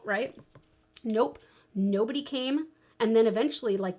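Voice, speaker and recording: Chatty woman telling a story over makeup. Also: fairly high pitch. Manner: animated storyteller, acts out quoted voices, laughs often. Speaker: beauty vlogger.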